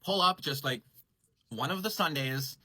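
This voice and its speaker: A man's voice: fairly high pitch, a little slow, sharp tone, no echo. A man casually telling a rambling story about his grooming salon, full of "like" and self-corrections. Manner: rambling, heavy use of "like", frequent self-corrections.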